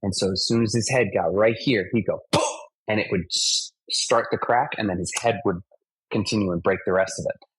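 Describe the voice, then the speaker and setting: Man, 40s, stunt performer guest, husky, vivid storyteller. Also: on the low side, a little fast, low-quality recording. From United States (Massachusetts). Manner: animated anecdotes, acts out impacts and sound effects. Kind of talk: casual storytelling interview.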